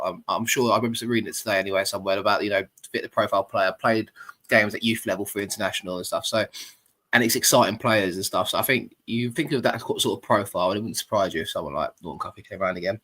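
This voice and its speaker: A man's voice: on the low side, a bit bright. A man hosting a football fan podcast, chatty and rambling, passing questions to his co-hosts. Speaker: podcast host. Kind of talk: casual fan podcast chat.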